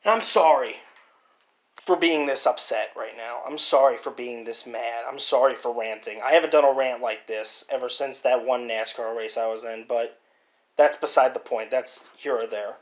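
A man delivering a heated, profane rant as a channel host, shouting in bursts before settling into a quieter, apologetic tone. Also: medium pitch, moderate pace. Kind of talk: angry rant to camera. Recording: roomy echo.

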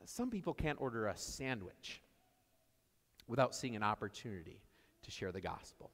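A man's voice: fairly low pitch, big pitch swings, normal speed, long pauses, a bit bright. A man preaching a sermon in a church, telling stories in a conversational way and repeating his key phrases. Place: church sanctuary. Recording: long church reverb.

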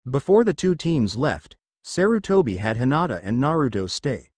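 A man reading a fan fiction story aloud as its narrator, with animated storytelling. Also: mid-range voice, moderate pace, dry recording.

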